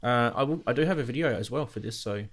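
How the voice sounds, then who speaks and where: A man's voice: mid-range voice, quick pace, slight background noise. A man hosting a casual chat about synth modules, thinking aloud with frequent ums and restarts. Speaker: host.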